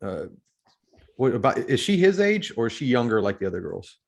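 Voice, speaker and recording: A man's voice: medium pitch, big pitch swings, brisk, creaky. A man co-hosting a casual book discussion podcast, reflective, asking questions and adding his own commentary. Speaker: podcast co-host.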